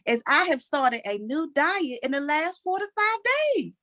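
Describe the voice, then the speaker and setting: Doing a stand-up set, a woman in her forties speaks with a Washington, D.C. accent in a high-pitched voice at normal speed. She's sassy and animated, ending lines with "okay?", and the recording has no echo.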